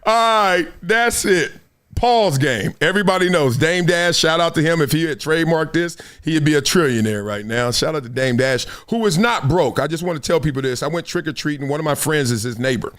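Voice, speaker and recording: A man's voice: fairly high pitch, animated, a little fast, a bit bright. A male show host chatting casually on a livestream, telling stories with lots of laughter and acting out other people's lines.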